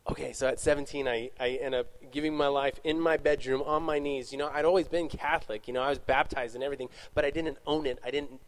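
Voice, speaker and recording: Speaking casually to a young-adult audience in a Q&A, a youth speaker relates his own story in a mid-range voice with fairly even intonation. He drifts as he talks, corrects himself often, and adds quick asides.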